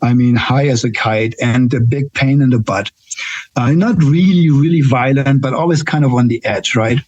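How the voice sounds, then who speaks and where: A man's voice: medium pitch, moderate pace, darkish tone, no room sound, highs cut off. A man in his sixties with a German accent, a nurse guest telling candid stories in a casual interview, often checking in with "right?". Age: 60s. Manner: candid, storytelling with frequent "right?" tags.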